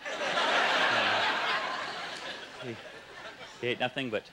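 Hesitant deadpan Canadian comedian on stage. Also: male voice, mid-range voice. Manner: halting, hesitant, many uhs and restarts. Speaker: stand-up comedian. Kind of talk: deadpan stand-up set. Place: comedy club stage with audience laughing. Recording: live stage recording with noisy room.

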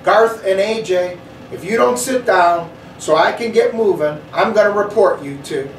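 Man voicing a bossy woman bus driver, sharp, a bit distant, roomy echo. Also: high-pitched, expressive, moderate pace, a little hiss or hum, pitched above the performer's own voice. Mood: scolding. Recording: echoey room, slightly distant mic.

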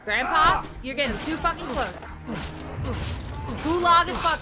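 A young adult woman streaming a horror game, reacting loudly and swearing freely between yelps. Her voice is high and bounces around a lot. Game music plays clearly behind her. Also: expressive, unhurried. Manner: loud, swearing, yelps and screams. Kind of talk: live gameplay commentary.

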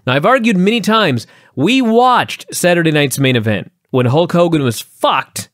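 A man's voice: moderate pace, no echo, clean studio sound. A man co-hosting a wrestling review podcast, ranting animatedly in casual chat. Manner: animated ranting with sweeping pitch swings. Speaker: podcast co-host.

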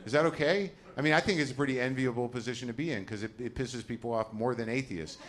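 A man's voice: medium pitch, fast. A man doing a stand-up comedy routine, ranting and swearing in a self-mocking way. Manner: ranting, profane, self-deprecating.

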